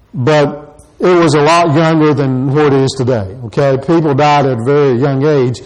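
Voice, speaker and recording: A man's voice: fairly high pitch, darkish tone, poor audio. A pastor preaching a sermon to his congregation, pressing the same questions again and again. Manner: repeats rhetorical questions to the congregation.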